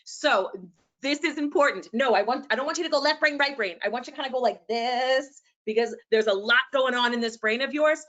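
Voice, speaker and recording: A woman with a New York accent, presenting passionately to teachers and sometimes talking fast. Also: on the high side, fairly bright tone. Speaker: educator and presenter.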